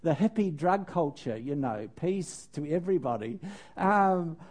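An older man, a preacher, telling a personal story in a sermon with animated, self-mocking humor and laughing at himself. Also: fairly high pitch, a little slow.

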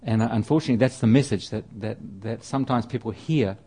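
This man preaches fast in a lowish, warm voice with a breathy edge. His delivery is conversational as he reads and explains scripture, and he frequently restarts and repeats phrases.

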